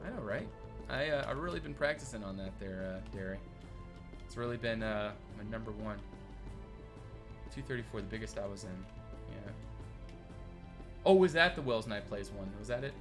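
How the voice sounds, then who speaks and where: A man's voice: fairly low pitch, expressive, normal speed, pauses often, music in the background. A man streaming live, thinking aloud as he builds and chatting back to his viewers in a rambling, casual way. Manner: rambling, thinks aloud, reads and answers chat.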